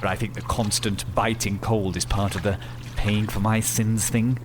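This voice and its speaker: A man's voice: fairly low pitch, flat delivery, moderate pace, background noise, lightly acted. An actor playing a cheerful, chatty man chained underwater in hell, speaking nonchalantly in an audio drama. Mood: chirpy.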